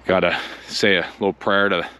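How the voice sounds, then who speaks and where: A man, a professional hunter, filming himself outdoors in wet woods and narrating in a low, hushed voice with halting restarts. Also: little pitch movement. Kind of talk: self-filmed hunting narration.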